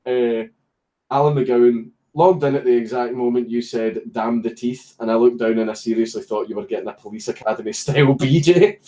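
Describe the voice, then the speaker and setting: A man's voice: mid-range voice, fairly quick, warm tone, poor audio. A Scottish man casually chatting on a home live stream, reading viewer messages, swearing and joking while a puppy distracts him.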